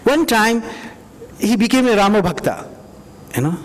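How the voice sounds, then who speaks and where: A high, sing-song voice at a moderate pace belongs to a man lecturing at a university, with questions from the audience. Reflective and chatty, he says "you know" often, and the lecture hall echoes noticeably.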